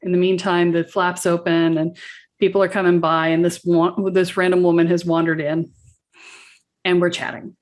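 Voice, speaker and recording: Guest spot: middle-aged woman, lowish voice, animated storyteller who acts out dialogue. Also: normal speed. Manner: vivid storyteller, acts out dialogue, laughs often. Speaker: podcast guest, shaman and coach.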